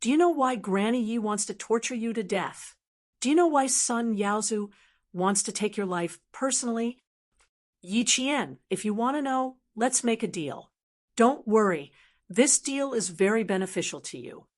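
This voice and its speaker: A woman's voice: a little high, lively intonation, normal speed, natural voice. A woman voicing a bitter, scheming middle-aged father who speaks through gritted teeth in an audiobook reading. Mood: sinister. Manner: gritted-teeth, pleading then menacing.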